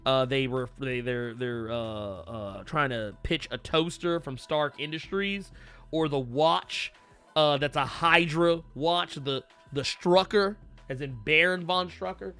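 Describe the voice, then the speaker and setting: A man co-hosting a comic book live stream, reading viewer comments in an animated, rambling way and swearing casually. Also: fairly high pitch, slow pace, smooth, soft background music. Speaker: co-host of a comic book talk show.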